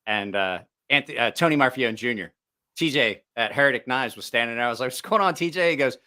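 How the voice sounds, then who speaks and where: A man with a bright, forceful voice hosts a relaxed podcast chat. He tells animated stories and jumps up in pitch whenever he quotes someone. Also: fairly quick. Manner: animated storyteller, jumps pitch when quoting people. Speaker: podcast host.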